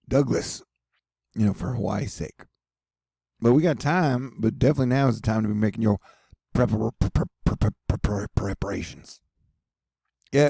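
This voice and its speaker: Gravelly, husky man joking through weather news. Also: mid-range voice, dark tone, no room sound, clean studio sound. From United States. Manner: joking, rambling, affectionate toward viewers. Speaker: weather vlogger. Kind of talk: casual weather update monologue.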